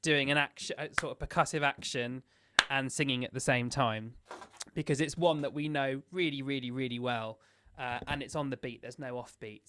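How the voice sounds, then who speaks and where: A man's voice: medium pitch, normal speed, heavy background noise. A man leading a choir sectional rehearsal as music director. He explains the parts step by step and counts in the beats.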